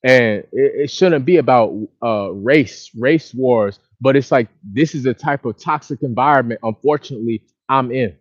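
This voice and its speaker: A man's voice: mid-range voice, moderate pace, few pauses, no room sound, dull audio. A man from Dallas, venting in a casual outdoor monologue, repetitive and frustrated. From Dallas, Texas. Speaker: vlogger. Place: outdoors by a lake or river.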